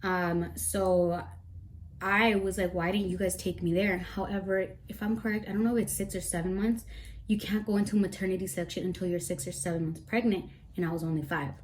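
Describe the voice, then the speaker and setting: A young woman tells a personal story to her camera, her voice a little low for a woman. She rambles and circles back, teary and emotional, yet keeps talking to her viewers. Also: steady tone, brisk, slight background noise. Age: young adult. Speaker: vlogger. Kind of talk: storytime vlog.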